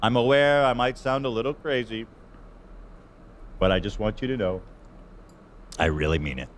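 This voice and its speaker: A man speaking in a calm, matter-of-fact way on a played stream clip. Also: mid-range voice, normal speed, slight background noise. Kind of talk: casual stream talk.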